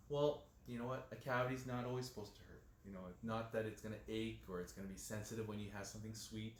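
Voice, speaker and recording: A man, working as a dentist, telling stories in a relaxed, casual way and leaning on lots of "you know" fillers. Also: mid-range voice, a little fast, hardly any pauses, a little hiss or hum. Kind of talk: casual interview talk. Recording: echoey room with faint ambience.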